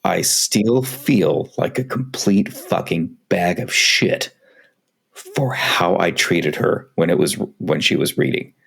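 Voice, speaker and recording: A man with a very low voice and a gravelly, fry-laden edge talks frankly on a podcast. His tone is husky rather than clean, and he is self-critical and quick to swear. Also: expressive, a bit bright. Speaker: podcast co-host. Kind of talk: casual podcast conversation.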